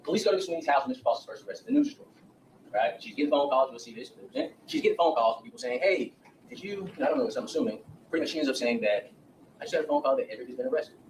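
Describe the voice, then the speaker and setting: A man's voice: medium pitch, expressive, rapid-fire, a little mellow, far from the mic, slight background noise, low-quality recording. A man giving a defense opening statement to a jury in a courtroom, speaking straight to the jurors and acting out what witnesses said. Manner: addresses jurors directly, acts out witness quotes. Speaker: defense attorney.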